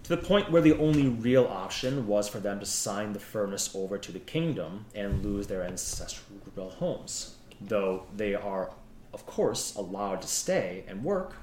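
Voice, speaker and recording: A man running a tabletop game, giving a grave in-character briefing with halting restarts. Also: lowish voice, darkish tone, a little hiss or hum. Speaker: game master. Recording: echoey room.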